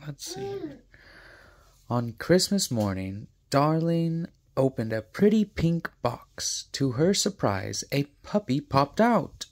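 A man reading a children's storybook aloud, unhurried, with mumbled asides between passages. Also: medium pitch, big pitch swings, a little mellow. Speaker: storybook reader.

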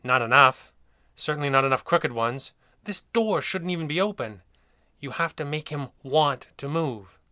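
A man's voice: on the high side, animated, moderate pace, bright, forceful tone, dry recording, clean studio sound. A man voicing a fretful, hesitant asylum official giving warnings. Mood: nervous.

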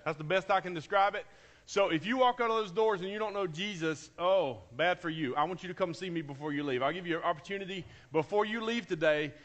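A high-voiced man preaches to his church congregation. He talks with excitement and emotion, saying key phrases twice over for emphasis. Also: fast talker. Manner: enthusiastic, emotional, repeats phrases. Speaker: pastor. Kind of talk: sermon. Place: church sanctuary.

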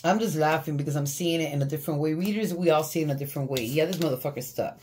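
Reading tarot in a relaxed way, this woman is blunt and profane and keeps breaking into laughs. She talks in rapid-fire bursts with a low, slightly mellow voice, and faint noise is audible in the background.

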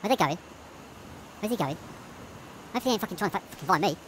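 A woman's voice: mid-range voice, animated, rapid-fire, a little hiss or hum. Jumpy, swearing woman gamer. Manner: jumpy, swears a lot, nervous laughing. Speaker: let's play gamer. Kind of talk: horror game commentary.

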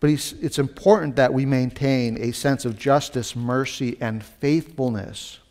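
A man's voice: mid-range voice, steady tone, unhurried, a little mellow. A man pastor preaching a sermon in a conversational way, with casual asides and rising emphasis on his key points.

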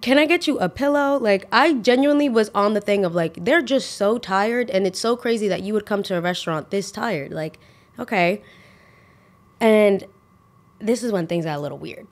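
A young woman hosting a podcast, telling a casual story full of "like" and restarts, sometimes rushing and sometimes drawing out her words. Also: medium pitch. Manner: animated, filler-heavy with lots of "like". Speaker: podcast host.

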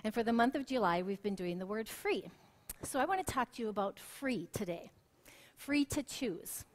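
A woman worship leader preaching a sermon in a church, telling stories with lively acted quotes. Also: medium pitch, a little fast, slight background noise.

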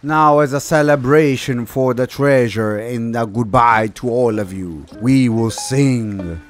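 Male gamer, mid-pitched, unhurried, corny put-on pirate accent, goofy self-mocking commentary. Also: faint music behind. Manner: jokey, rambling, self-mocking. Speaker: gamer playing a pirate game. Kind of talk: hammy gameplay commentary.

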